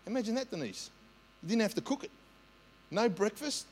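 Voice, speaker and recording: A man with an Australian accent, a senior pastor telling stories in a lively, conversational sermon, often asking "right?". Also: high voice, moderate pace, slight background noise. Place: church. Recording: long church hall reverb.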